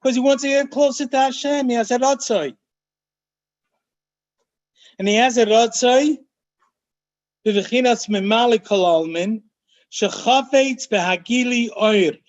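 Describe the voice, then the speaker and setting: A man, a rabbi, teaching a Torah study class in an animated, emphatic way. He often slows down to stress key phrases and mixes in many Hebrew and Yiddish terms. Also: very high-pitched, dull audio.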